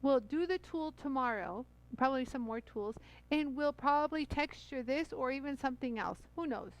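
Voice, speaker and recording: A woman's voice: high voice, animated, normal speed, low-quality recording. A middle-aged woman hosting a live-stream jewelry tool demo, bubbly and chatty, full of fillers and calling out to viewers. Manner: bubbly, chatty, many fillers, addresses viewers as "you guys".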